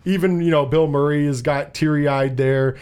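Rambling, animated man reviewing a movie. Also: a little high, moderate pace, clean tone. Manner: rambling, animated, swears freely. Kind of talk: casual movie review chat.

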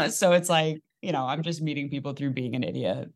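Une femme comédienne, conteuse animée. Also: female voice, low voice. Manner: animated, joking storyteller with quick asides. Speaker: comedian guest. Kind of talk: casual storytelling chat.

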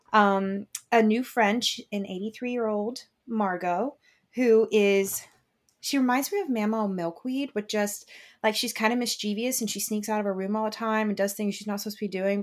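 Casual woman rambling through a book review. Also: medium pitch. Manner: relaxed, rambling, many ums. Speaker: podcast co-host reviewing books.

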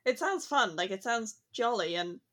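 A woman's voice: on the high side, expressive, moderate pace, fairly bright tone. Casual co-host: woman, conversational, reflective, easy laughter. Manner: chatty, reflective, laughs easily. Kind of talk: casual chat.

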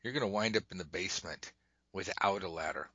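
Co-hosting a podcast, a man improvises silly stories as part of a comic storytelling game, laughing often and slipping into goofy voices. His deep, sharp voice runs a little fast, recorded lo-fi with no echo.

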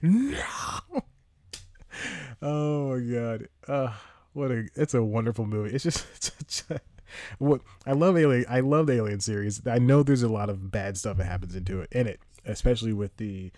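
A man's voice: medium pitch, fairly quick, dark tone, no echo, studio quality. A man hosting a podcast, chatting casually about a movie he watched, rambling and cutting himself off, chuckling often. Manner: rambling, self-interrupting, chuckling. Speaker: podcast host. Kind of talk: casual movie review chat.

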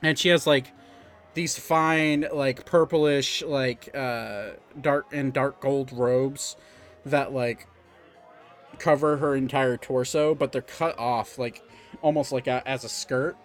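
A man's voice: mid-range voice, fairly even intonation, takes it slowly, faint music behind. A young man narrating as game master, rambling with lots of fillers and restarts. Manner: rambling with fillers, jumps into character voices.

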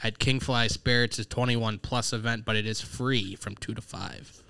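A man's voice: mid-range voice, steady tone, moderate pace, creaky, pushed and bright, clear, resonant tone, dry recording. A man from Pittsburgh hosting a loose, casual chat and laughing easily. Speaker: podcast host.

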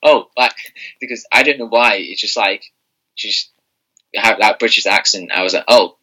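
A man's voice: fairly low pitch, moderate pace, pushed and bright, poor audio. A man co-hosting a podcast in casual chat, rambling with many fillers and restarts. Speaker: podcast co-host.

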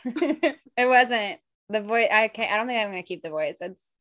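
A woman's voice: a little high, moderate pace, no room sound. A young woman co-hosting a casual podcast, reading listener stories aloud and laughing often. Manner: giggly, animated, laughs often while reading. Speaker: podcast co-host.

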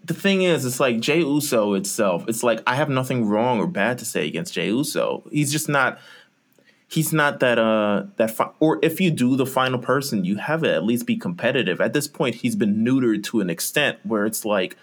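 A man's voice: mid-range voice, animated, normal speed. A man co-hosting a casual wrestling podcast, speaking in an earnest, critical way and often restarting his sentences. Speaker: podcast co-host.

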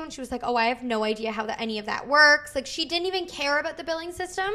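A woman in her thirties tells a story in loose podcast chat. She acts out every quote in an animated way, with big swings in her voice, and swears freely. Her voice sits a little high. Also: rapid-fire. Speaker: podcast co-host. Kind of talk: casual chat.

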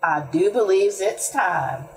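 A woman's voice: medium pitch, animated, takes it slowly. A woman voicing a folksy, bossy male mule leader in a drawling dialect, heard in a roomy, distant recording with faint music behind. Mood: coaxing.

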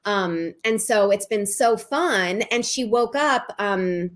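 A woman's voice: mid-range voice, animated, slow pace. A woman who is a writer and a guest on a podcast, telling stories in a chatty way and acting out quotes. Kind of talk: casual chat.

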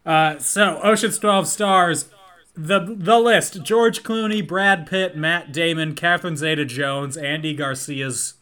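A man's voice: fairly high pitch, slow, bright, forceful tone, clear, resonant tone. A man co-hosting a casual podcast, reading out film facts and cast lists with playful asides. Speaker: podcast co-host. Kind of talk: casual chat.

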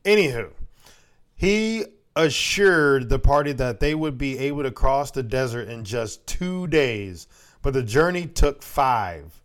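A man with a mid-range voice co-hosts a casual podcast. He talks slowly and lazily, reading notes aloud and dropping in joking, profane asides. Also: mid-range voice, expressive. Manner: laid-back, joking asides, swears. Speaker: podcast co-host.

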